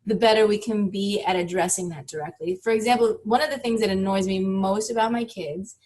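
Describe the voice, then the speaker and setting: A woman's voice: mid-range voice, a little fast, a little mellow. A woman in her thirties, a therapist and author, talking reflectively and animatedly in a podcast interview, laughing often.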